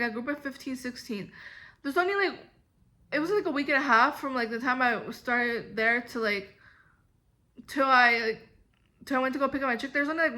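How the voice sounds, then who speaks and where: A woman's voice: high-pitched, pushed and bright. A young woman telling a storytime vlog in a rambling, exasperated way, full of filler "like"s. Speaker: vlogger. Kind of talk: casual storytime monologue.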